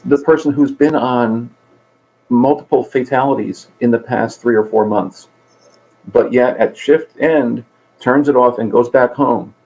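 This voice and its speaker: A man's voice: medium pitch, measured pace, darkish tone, low-quality recording. A middle-aged man speaking earnestly in an interview, telling stories and voicing the people in them. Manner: earnest, tells stories with voiced characters. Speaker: guest, peer support coordinator. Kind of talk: conversational interview.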